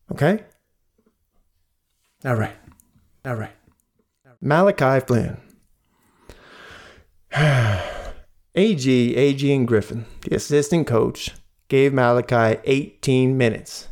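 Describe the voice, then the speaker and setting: Slow, animated male sports podcaster. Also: medium pitch. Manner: animated, repeats lines for emphasis, mock voices. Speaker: podcast host. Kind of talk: solo sports podcast commentary.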